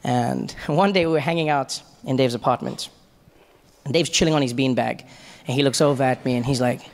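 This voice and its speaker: Male comedian telling a lively story. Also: medium pitch, fairly quick, vocal fry, long reverb tail. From South Africa. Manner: lively, mimics friends' voices. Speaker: stand-up comedian. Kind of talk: stand-up storytelling.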